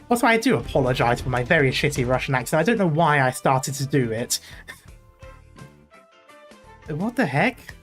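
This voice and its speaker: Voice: mid-range voice, sing-song, moderate pace, long pauses, faint music behind. A British streamer chatting casually between story lines, laughing at themselves and making self-mocking asides. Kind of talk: casual stream chat while reading a game story.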